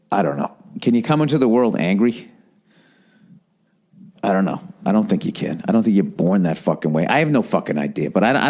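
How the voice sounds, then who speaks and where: With a fairly low, somewhat mellow voice, a podcast host rants by himself, wandering from point to point with sardonic humor and frequent profanity.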